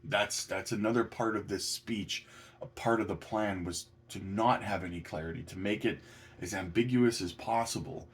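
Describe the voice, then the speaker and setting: A man talks through documents in a casual commentary. His voice sits low, but he rises sharply when something strikes him as outrageous. He is indignant and halting, full of restarts and fillers. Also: slight background noise. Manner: indignant, rising to incredulous peaks. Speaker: crypto commentator.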